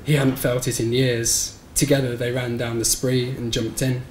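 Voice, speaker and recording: At a bookshop event before a live audience, a man gives a measured, somber reading of his own short story. His middling-pitched voice stays flat and narrow. The space adds a roomy echo and a faint background hum to this live literary fiction reading.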